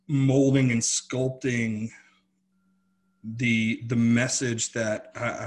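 A man co-hosts a podcast, making casual conversation in an earnest, reflective way with many restarts. His voice is medium-pitched with a breathy edge.

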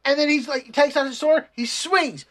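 A casual vlogger rambling through anime recaps, swearing freely, restarting sentences and getting animated when retelling scenes. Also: sits high, a little fast. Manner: profane, rambling, many restarts.

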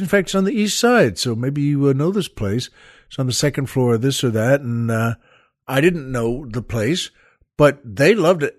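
A male comedian hosting his show, telling a rambling, halting story full of fillers, restarts and chuckling asides. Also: on the high side, darkish tone, no room sound, clean studio sound. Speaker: comedian host. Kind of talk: rambling comic storytelling monologue.

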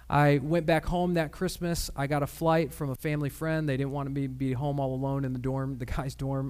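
A man preaching a sermon with personal testimony, earnest and measured, with pauses and fillers. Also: a little high. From Michigan.

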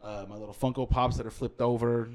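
A man's voice: mid-range voice, flat delivery, fast talker, darkish tone. A young man casually chatting as a podcast co-host, telling a profane story in a mock-indignant way. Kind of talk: casual chat.

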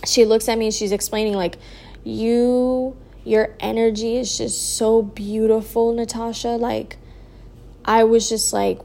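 A sleepy young woman tells a personal story in a slow, unhurried way. Her voice sits a little high, and her talk is loose and full of "like", drifting into soft trailing asides. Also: flat delivery, vocal fry. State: sleepy, yawning. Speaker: vlogger sharing a personal story. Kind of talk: casual storytelling.

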